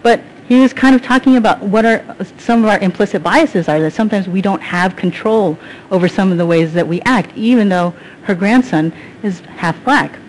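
A man with a fairly high voice talks to an audience at a panel discussion. He speaks casually, pausing and restarting his sentences as he goes. A faint hiss of noise sits under the recording. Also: rough recording. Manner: casual, halting, with fillers and restarts.

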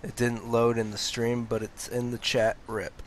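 A man's voice: medium pitch, completely flat delivery, unhurried, slight background noise. A young man streaming a game, chatting casually with viewers and swearing freely, sounding sleepy with a bit of phlegm in his throat. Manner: laid-back, swears freely, answers chat. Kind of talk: casual gaming stream chat.

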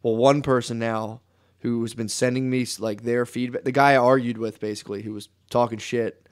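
A man's voice: medium pitch, little pitch movement, normal speed, smooth. A young man co-hosting a podcast, telling a long story in a rambling, profane way and acting out what people said. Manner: rambling, swearing storyteller who acts out quotes. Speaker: podcast co-host. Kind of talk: casual podcast chat.

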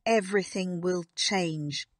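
A woman's voice: on the low side, slow, dry recording, clean studio sound. A woman voicing a stern, cold headmistress in an audiobook, speaking in a commanding, scolding tone. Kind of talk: audiobook character reading.

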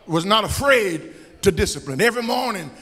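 High-voiced preacher in a reverberant church. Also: male voice, animated, fairly quick, husky. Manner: preaching with shouted, sing-song rises. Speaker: pastor. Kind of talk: sermon. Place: church sanctuary. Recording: echoey church with long reverb.

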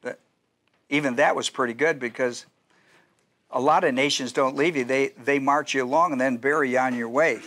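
Guy pastor doing bible study, chatty and rambly, keeps asking the class stuff, kinda bright sharp voice. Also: medium pitch, steady tone, moderate pace. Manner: conversational teaching with asides and restarts.

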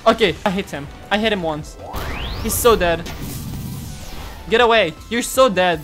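A young man hosting a gaming channel, giving excitable gameplay commentary, exclaiming and taunting his opponents. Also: high voice, measured pace, long pauses, faint music behind.

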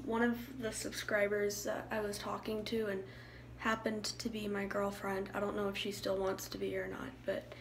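A young woman talking to her viewers in a soft, halting way, sometimes dropping into a hushed, whispery voice. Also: medium pitch, monotone, gravelly, slight background noise, rough recording. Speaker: YouTuber. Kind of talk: emotional vlog talk to viewers.

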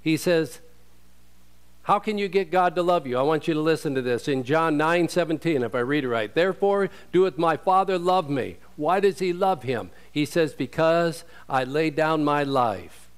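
A man's voice: on the high side, normal speed, clean tone. A male pastor preaching a sermon in a conversational way, asking rhetorical questions and quoting scripture.

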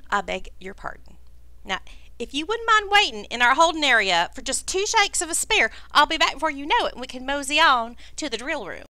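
A genteel lizardfolk host fusses over guests in a put-on drawl, voiced by a woman. The voice sits high and bright. It is recorded close and dry, like a home tabletop stream. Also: sing-song, brisk, dry recording, heavily acted. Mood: flustered. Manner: folksy old-fashioned Southern turns of phrase.

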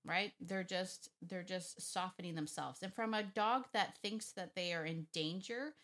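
A woman's voice: fairly low pitch, unhurried, a bit bright. A woman dog trainer talking casually to camera, chatty and emphatic, often digressing.

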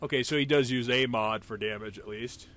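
A man giving live, joking commentary over a friend's tank battle, reacting loudly to hits and misses and teasing the player. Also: medium pitch, a little fast. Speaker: gameplay commentator.

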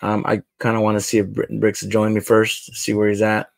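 A man speaks in a fairly low voice with vocal fry and a completely flat delivery, at a moderate pace and with no echo. He's hosting a casual build livestream, chatting loosely and in a relaxed way with viewers and a guest.

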